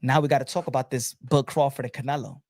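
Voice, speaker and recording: A man's voice: medium pitch, fairly even intonation, fast, no room sound, clean studio sound. Heated, profane male boxing ranter. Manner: heated and profane, voice rising to shouting; repeats words in bursts. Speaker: boxing commentator. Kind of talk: opinionated commentary rant.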